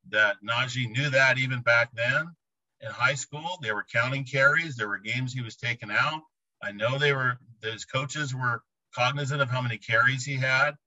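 Guy with a really bright voice, hesitant interview talk, dry dull lo-fi sound. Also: medium pitch, no room sound. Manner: hesitant, searching for words. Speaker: interviewee recalling an athlete. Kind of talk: reflective interview answer.

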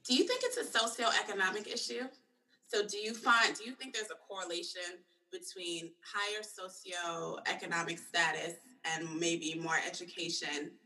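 A woman co-hosting a podcast, telling stories in an animated way with lots of filler likes. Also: on the low side, rough recording. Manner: animated storyteller, many likes. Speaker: podcast co-host. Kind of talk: casual chat.

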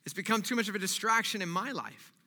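A man preaching a sermon as pastor, moving between quiet reflection and loud animated preaching. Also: high voice, fast. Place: church. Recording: long reverb of a large hall.

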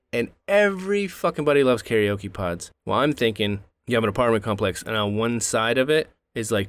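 Guy on a podcast, low-ish voice, swears a ton, joking around. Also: smooth, dry recording. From American South. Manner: profane, joking, animated storytelling. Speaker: podcast co-host. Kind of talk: casual chat.

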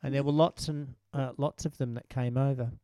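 A man's voice: medium pitch, fairly even intonation, moderate pace, warm tone, no room sound. A man hosting a casual conversation, chatty and explaining things for his listeners, with frequent restarts. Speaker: host.

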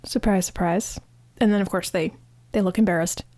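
A woman's voice: mid-range voice, normal speed, no room sound. Chatty woman recapping, dry close sound. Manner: chatty, animated retelling with restarts. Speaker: podcast host. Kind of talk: casual episode recap.

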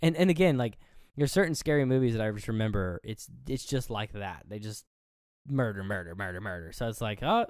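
A podcast co-host, male, casually recaps a movie scene by scene, acting out characters' lines with jumps in pitch. His delivery is brisk, loose and profane, full of fillers. The studio-quality recording has no echo.

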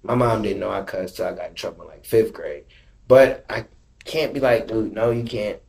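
Chill guy hosting a podcast, mellow warm voice, slangy casual chat. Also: lowish voice, normal speed, creaky. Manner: laid-back, slangy, laughs while talking. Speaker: podcast host.

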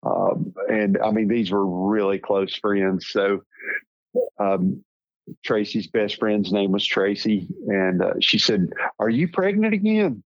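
A middle-aged Southern man from Tennessee, telling his life story as an interview guest in a slow, halting, reflective way. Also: lowish voice, level tone, vocal fry, no room sound, lo-fi sound. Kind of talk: personal storytelling.

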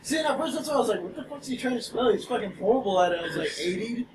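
Young male podcast co-host, high voice, crude and excitable, distant mic with heavy noise. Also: very fast. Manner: crude, laughing, excitable storytelling. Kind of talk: casual chat.

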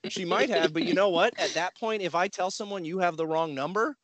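A man with a high-pitched voice speaks a little fast on a dry recording. He co-hosts a podcast, animatedly telling stories in casual conversation and performing other people's lines.

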